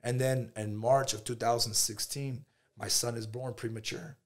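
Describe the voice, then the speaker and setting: A man's voice: mid-range voice, moderate pace. A man in his thirties, a podcast guest, telling his story in casual chat, acting out the dialogue and calling everyone "bro". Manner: animated storyteller, acts out dialogue, says "bro" constantly.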